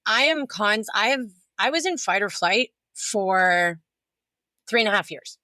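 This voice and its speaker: A woman's voice: medium pitch, animated, unhurried, bright, forceful tone, no room sound. A woman guest on a podcast, candidly telling her story in a blunt, profane way and acting out other people's lines.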